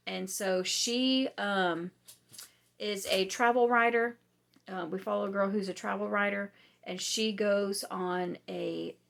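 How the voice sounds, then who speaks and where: A woman hosting a casual book review, chatty and rambling with many ums, her voice going hoarse. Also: medium pitch. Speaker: book reviewer, channel host.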